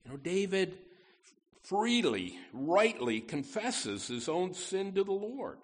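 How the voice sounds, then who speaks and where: A man's voice: high-pitched, sing-song, slow pace, husky. A man preaching a conversational sermon in a folksy way, full of asides and stressing key words. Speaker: pastor.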